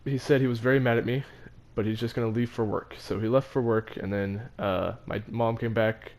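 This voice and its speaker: A teenage boy tells a personal story in a loose, casual way. His voice sits at an ordinary middle pitch. He laughs between phrases and often restarts his sentences. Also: steady tone, a little fast, darkish tone. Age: teens. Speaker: vlogger.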